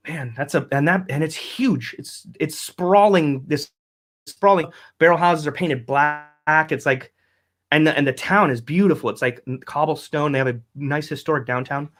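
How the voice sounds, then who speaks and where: A man's voice: mid-range voice, fairly bright tone. A man, hosting a casual live-stream podcast, rambling, cursing and laughing often as he reads out viewer comments. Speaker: podcast host.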